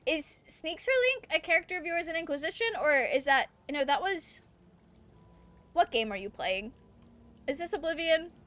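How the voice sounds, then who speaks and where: In a high, slightly bright voice, this young streamer gives casual gameplay commentary, reading out chat messages. She laughs a lot and goes on swearing rants.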